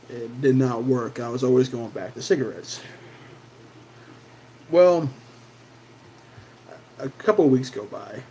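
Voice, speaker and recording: A man's voice: medium pitch, darkish tone, a little hiss or hum, rough recording. A man hosting his own channel, telling a personal story in a loose, casual way, full of fillers and restarts. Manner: rambling, many fillers and restarts. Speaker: channel host.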